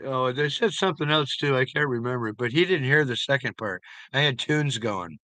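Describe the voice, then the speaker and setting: A man's voice: mid-range voice, brisk, sharp tone, dry recording. A man chatting casually with his viewers, telling loose, profane stories and chuckling along as he rambles.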